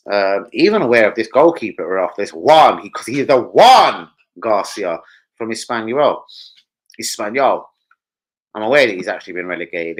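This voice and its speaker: A British man hosts a casual football fan livestream, ranting with excitable energy and plenty of swearing. His pitch swoops up and down constantly as he talks. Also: rough recording. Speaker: live stream host.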